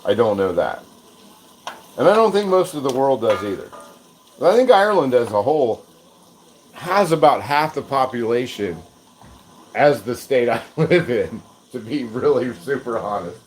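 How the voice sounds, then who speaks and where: A man's voice: medium pitch, big pitch swings, moderate pace, slight background noise, low-quality recording. An American man hosting a live cooking stream, chatting casually and self-deprecatingly, often chuckling as he rambles. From United States. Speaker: livestream cooking host. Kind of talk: casual livestream chat while cooking.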